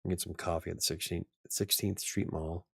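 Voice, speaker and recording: A man's voice: deep voice, little pitch movement, normal speed, gravelly, fairly bright tone, husky, no echo, studio quality. A man hosting a casual livestream chat, rambling, joking at his own expense and laughing often. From United States. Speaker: livestream host.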